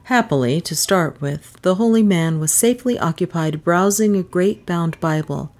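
A woman's voice: on the low side, normal speed, a little mellow. A woman narrating an audiobook in a dry, wry storytelling manner.

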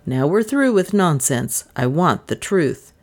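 A woman's voice: low-pitched, very animated, unhurried, darkish tone, heavily acted. A woman voicing a suspicious man who questions a servant firmly and imperatively.

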